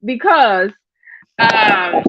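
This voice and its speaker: A woman's voice: on the high side, expressive, very slow, dry recording, dull audio. A woman hosting a casual livestream, chatting with viewers, greeting them by name and often repeating her phrases. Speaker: livestream host.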